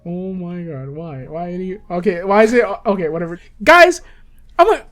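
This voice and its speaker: A young podcast co-host who talks excitably, tells rambling stories and breaks into loud outbursts. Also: medium pitch, normal speed, faint music behind. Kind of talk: casual podcast banter.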